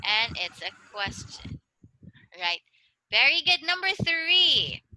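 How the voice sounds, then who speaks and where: A woman tutoring English one-on-one over a video call, speaking slowly and encouragingly and modeling intonation for her student. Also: high voice, big pitch swings, sharp tone, low-quality recording.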